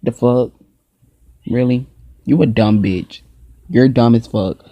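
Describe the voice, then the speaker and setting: A man's voice: medium pitch, slow pace, dark tone, no room sound. A man hosting a casual reaction video, talking back at a clip with profane mock outrage.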